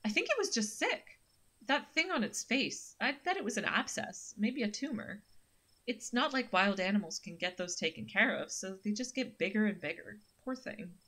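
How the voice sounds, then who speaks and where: A woman's voice: mid-range voice, expressive, normal speed, pushed and bright. A woman voicing a friendly, chatty young female hiker in a horror game.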